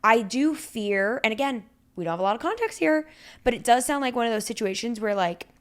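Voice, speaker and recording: A woman's voice: fairly high pitch, lively intonation. A woman co-hosting a podcast, chatting casually and giving careful, hedged advice. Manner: chatty, hedging, measured advice. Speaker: podcast co-host. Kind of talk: casual chat.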